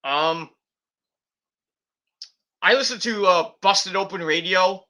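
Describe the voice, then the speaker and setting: A man's voice: high voice, slow pace, sharp tone. A man giving a casual, rambling wrestling review monologue, full of fillers and restarts.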